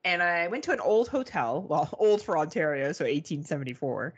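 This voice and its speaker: A woman co-hosting a podcast, telling a story in casual chat, animated and swearing, mimicking beeps. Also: low voice, brisk, breathy edge, highs cut off. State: arm in a sling. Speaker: podcast co-host.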